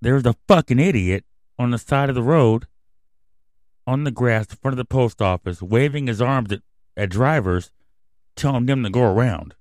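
A man's voice: mid-range voice, normal speed, darkish tone, no echo. A man hosting a radio show, telling an angry, profanity-filled story in a heated rant. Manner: angry, swearing constantly, heated.

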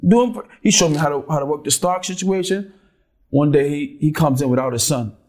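A man with a somewhat high, lively voice tells a story in casual, colloquial speech. His words tumble out, and he repeats himself as he builds to the point. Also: fairly quick. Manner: animated storyteller, repeats words when excited. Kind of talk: casual chat.

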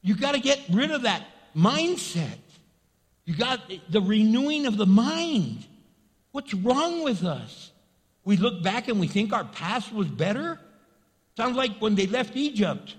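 High-voiced New preacher in a reverberant hall. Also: male voice, measured pace. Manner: animated, folksy preaching that acts out quoted voices. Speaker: pastor. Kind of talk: sermon.

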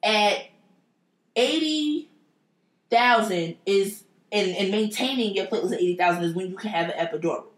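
A woman's voice: medium pitch, normal speed. A woman telling a personal story in a blunt, profane and emphatic casual way. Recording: roomy echo.

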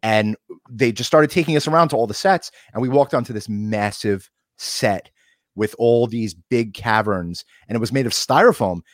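Animated male podcast host, dry sound. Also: medium pitch, normal speed, no room sound. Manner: animated storyteller. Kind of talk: casual interview chat.

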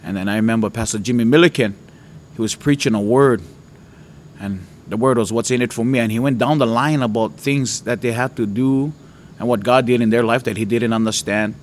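Man, preacher from Hawaii, mid-pitched voice, animated storytelling, frequent laughs, faint background noise. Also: brisk. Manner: animated storytelling, voice jumps high and loud when retelling his outbursts; laughs often. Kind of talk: testimony to an audience.

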